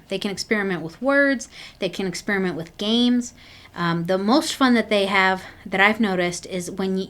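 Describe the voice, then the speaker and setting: Woman presenter, parenting workshop; gentle, encouraging, unhurried, mid pitch, natural fillers.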